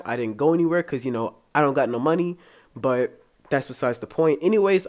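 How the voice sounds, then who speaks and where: A young man talks alone into his podcast mic in a loose, rambling way. He jokes, swears casually and wanders from one aside to the next. His pitch sits in a middle range for a man. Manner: rambling, joking, casually profane. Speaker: podcast host. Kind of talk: casual solo podcast chat.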